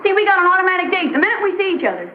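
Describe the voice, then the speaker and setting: A woman's voice: extremely high pitch, sing-song, rapid-fire, echoey room. An actress playing a bubbly, chatty teenage girl in a sitcom. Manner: bubbly, breathless, girlish. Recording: tinny old TV sound with audience laughs.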